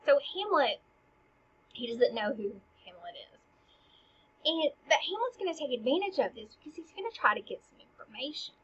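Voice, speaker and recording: A woman's voice: high voice, sing-song, moderate pace, fairly bright tone, highs cut off, slight background noise. A woman teacher explaining a play in casual language, paraphrasing each line into plain modern talk.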